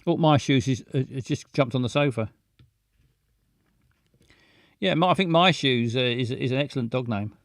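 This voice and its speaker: A man hosting a live show, chatting casually in a halting, playful way with many restarts and silly jokes. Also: medium pitch, dry recording, studio quality. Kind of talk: casual rambling live chat.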